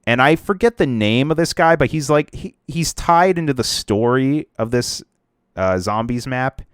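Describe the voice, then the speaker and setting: A man's voice: medium pitch, lively intonation, moderate pace, smooth, dry recording, studio quality. A young man co-hosting a casual podcast about video games, rambling with lots of fillers and restarts. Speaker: podcast co-host.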